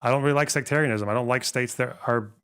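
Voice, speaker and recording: A man reacting live on stream, answering a video with sarcasm and a lot of swearing. His voice sits at an ordinary middle pitch. He sounds scornful and combative. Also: fast, fairly bright tone, clear, resonant tone.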